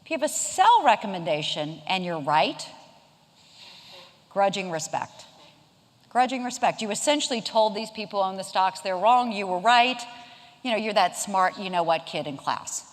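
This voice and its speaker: A woman in her fifties from South Carolina tells a lively story in a keynote talk. Her voice jumps around a lot in pitch, and she mixes humor with a chatty delivery. The sound carries a long reverb from a lecture hall. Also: unhurried. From Charleston, South Carolina. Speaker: keynote speaker. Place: event hall.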